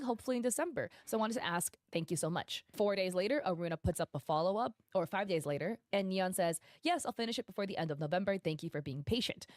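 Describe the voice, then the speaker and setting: A woman streamer talks at a brisk clip, reading posts and messages aloud to her viewers. Between quotes she adds emphatic, indignant commentary. Her voice sits close and dry on the mic with no room sound. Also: fairly low pitch, darkish tone, no echo.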